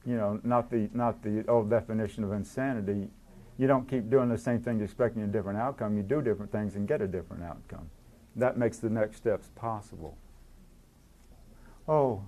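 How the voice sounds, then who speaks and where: A man's voice: mid-range voice, dark tone. A man speaking at a recovery conference, talking earnestly to an audience, repeating words as he goes and acting out inner voices.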